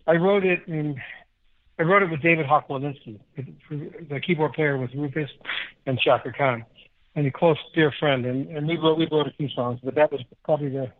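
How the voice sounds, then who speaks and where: An older man from Chicago, a guest musician, telling rambling, animated anecdotes in a casual interview. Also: fairly high pitch. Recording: tinny phone-like line.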